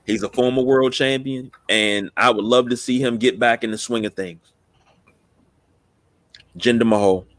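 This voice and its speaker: A man's voice: medium pitch, normal speed, pauses often, no room sound. Slangy man with a dry close sound. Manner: animated, stammers, slangy. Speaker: podcast co-host. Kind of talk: casual wrestling chat.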